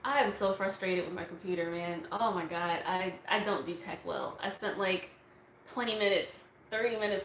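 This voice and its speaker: A woman's voice: on the low side, normal speed, a bit bright. A young woman chatting casually on a livestream, answering viewer questions in a rambling way with lots of fillers, recorded on a phone. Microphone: phone on a tripod. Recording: echoey room, faint noise.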